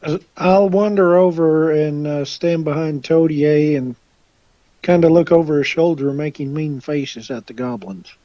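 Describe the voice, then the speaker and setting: Mellow-voiced man in a dull lo-fi recording. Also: a little high, unhurried, no room sound. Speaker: player. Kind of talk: playing a tabletop game.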